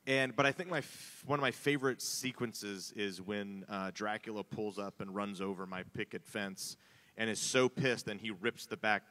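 Bright-voiced, chatty man on a panel. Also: lowish voice, moderate pace. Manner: enthusiastic, chatty. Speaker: actor on a convention panel. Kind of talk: casual panel chat. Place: convention panel room.

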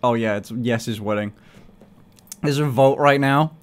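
A man's voice: mid-range voice, a little slow, clean tone. A young man streaming, chatting casually in a playful, swearing way and laughing often. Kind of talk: casual livestream chat.

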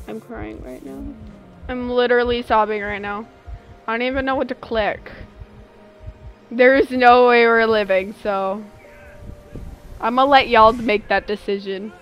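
This young streamer's voice sits on the high side, and she talks a little slowly with long pauses, sounding muffled on the recording. She's lively and playful, bantering casually with her viewers as a game's music plays quietly behind her.

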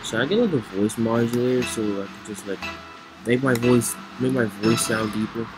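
A man giving excitable let's play commentary, reacting loudly to the plays. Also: medium pitch, moderate pace, over music. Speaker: gamer. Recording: noisy with game sounds behind.

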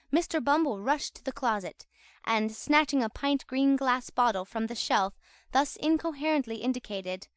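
A woman narrating an audiobook of a classic novel in a measured, expressive reading voice. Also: on the high side, no room sound, clean studio sound. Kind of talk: scripted literary narration.

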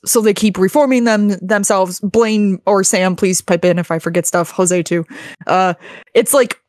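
A young woman in casual podcast chat, telling a game's story in an animated way, full of fillers and swearing. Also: medium pitch, dry recording, studio quality. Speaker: podcast co-host. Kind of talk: casual chat recapping a video game.

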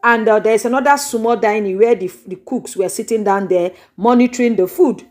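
A woman's voice: on the high side, normal speed, darkish tone. Dramatic Nigerian woman spilling gossip. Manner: dramatic exclamations, rambling retelling. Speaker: YouTube gossip vlogger. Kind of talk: animated gossip storytelling. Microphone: microphone.

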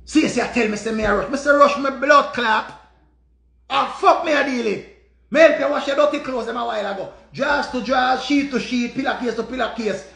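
A man with a Jamaican accent telling a story in an animated, profane rant and repeating his phrases. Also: very high-pitched, quick pace, creaky, reverberant. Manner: repetitive, profane, dramatic retelling. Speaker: vlogger.

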